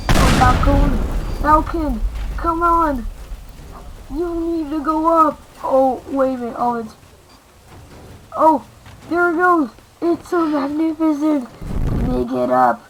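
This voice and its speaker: A woman's voice: high-pitched, slow pace, pauses often, background noise. A woman giving live commentary while playing a game, reacting aloud and talking to herself in alarm and relief. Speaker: gameplay commentator.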